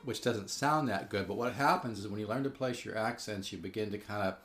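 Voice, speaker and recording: A man's voice: fairly low pitch, fairly quick, a bit bright. A man giving a casual spoken guitar lesson, earnest and enthusiastic, often restarting and repeating himself as he plays. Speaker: guitar teacher. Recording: echoey room with guitar playing.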